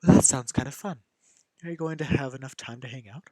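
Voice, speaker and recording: A man's voice: mid-range voice, fast, warm tone, no room sound, pitched above the performer's own voice, lightly acted. A man voicing an eager, teasing young woman friend with an upbeat manner in an amateur visual novel reading.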